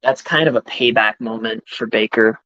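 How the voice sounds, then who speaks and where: A man's voice: medium pitch, normal speed, fairly bright tone, dry recording. A man on a casual live stream, ranting about college football, swearing heatedly and greeting chat viewers. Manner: profane, heated sports ranting. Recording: dry, slightly dull mic sound.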